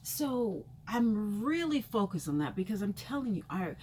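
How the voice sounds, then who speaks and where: A woman chats her way through a personal story in a loose, rambling vlog manner, dropping fillers into nearly every phrase. Her voice sits at an average pitch but jumps sharply upward whenever she acts out a reaction. Faint noise hums in the background. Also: normal speed. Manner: chatty and rambling, full of "you know" fillers; animated, jumps high in pitch when acting out reactions. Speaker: vlogger telling a personal story. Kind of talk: casual storytime chat.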